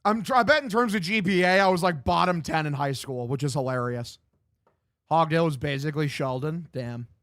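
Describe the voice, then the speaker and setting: A man's voice: on the high side, a little fast, a bit bright, no room sound, clean studio sound. A young man streaming from home, chatting loosely with his viewers and calling the game play-by-play. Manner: loose, profane, reads chat aloud and answers. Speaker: streamer doing live play-by-play. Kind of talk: casual stream chat with play-by-play commentary. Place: home room.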